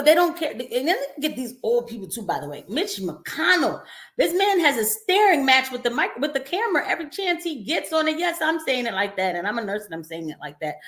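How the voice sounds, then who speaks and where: A young woman talks through the news on a casual live stream. She is emphatic and laughs often, and her pitch swings widely as she reacts. Now and then she acts out the voices of the people she quotes. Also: a bit bright. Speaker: host commenting on the news.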